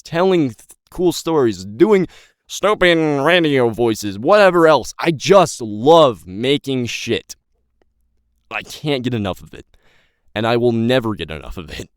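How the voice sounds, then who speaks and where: A man's voice: mid-range voice, expressive, unhurried, dry recording, studio quality. A nineteen-year-old man giving an impassioned, rambling personal update to his viewers, swearing and stumbling over his words. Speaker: YouTube creator and novelist.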